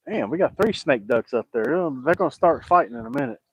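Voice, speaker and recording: A man's voice: on the high side, expressive, a little fast, breathy edge, dry recording, low-quality recording. A middle-aged man, fishing outdoors and joking as he answers viewers in casual chat. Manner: folksy, joking, talks back to viewer comments. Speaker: fishing vlogger.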